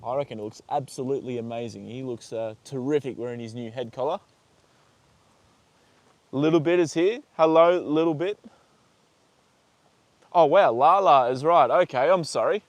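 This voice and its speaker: A man's voice: medium pitch, normal speed, pauses often, no echo. An Australian man hosting a casual livestream from a horse paddock, chatting to viewers, reading out their comments and talking fondly to his horses, with casual swearing. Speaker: livestream host.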